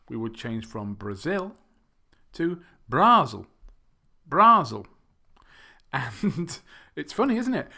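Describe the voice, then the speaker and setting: Slow, gravelly man teaching word stress. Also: medium pitch, a bit bright. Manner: slow, deliberate, exaggerates syllables, playful with light laughs. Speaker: podcast host teaching English. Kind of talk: language lesson on word stress.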